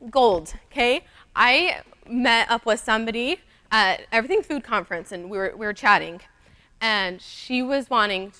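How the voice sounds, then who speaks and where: A woman's voice: mid-range voice, animated, normal speed, pushed and bright. A young woman giving a chatty, upbeat conference talk, speaking straight to the audience. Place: conference room.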